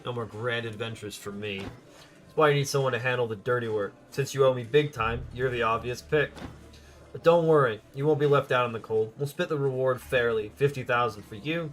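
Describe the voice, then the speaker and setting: A persuasive, money-minded adventurer with a wry, matter-of-fact delivery, as a man reads him. The voice is bright and forward, sitting at an ordinary middle pitch. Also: a little fast, close to an everyday voice. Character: scheming old adventurer, injured, money-minded.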